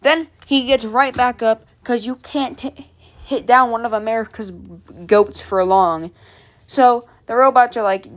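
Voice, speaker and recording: A woman's voice: fairly high pitch, measured pace. Chatty woman recapping a comic. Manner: chatty, rambling, with fillers. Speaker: comic book reviewer. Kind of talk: casual review and plot recap.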